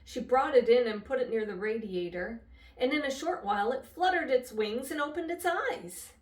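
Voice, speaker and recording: An older woman reading a children's chapter book aloud with expressive, lively storytelling. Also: a little high, normal speed. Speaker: storybook reader. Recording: echoey room, voice from a distance.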